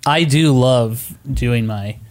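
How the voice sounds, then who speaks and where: A man's voice: mid-range voice, takes it slowly, darkish tone. A man co-hosting a podcast in casual, joking chat. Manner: joking, rambling. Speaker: podcast co-host.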